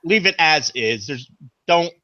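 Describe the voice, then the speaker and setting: A man's voice: a little high, expressive, unhurried, sharp tone. A man co-hosting a casual chat, emphatic and repeating his points. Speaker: podcast co-host. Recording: dry, dull lo-fi line.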